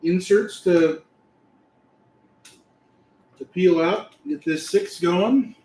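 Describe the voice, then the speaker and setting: A man hosting a casual livestream while he works, talking to himself in a relaxed, mumbling way. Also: sits high, very slow. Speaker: livestream host, dumpster rental owner. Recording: echoey room with faint noise.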